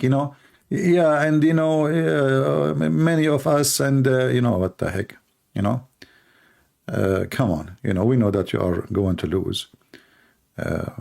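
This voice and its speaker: A man hosting a live stream, talking in a rambling, joking way with halting, broken grammar. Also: medium pitch, vocal fry. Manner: animated, joking, teasing, with halting non-native grammar. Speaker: live-stream show host.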